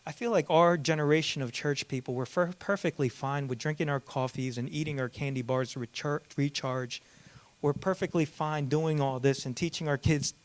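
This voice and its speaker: A man in his thirties preaching a sermon as pastor, talking casually with slang, fillers and many restarts. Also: a little high.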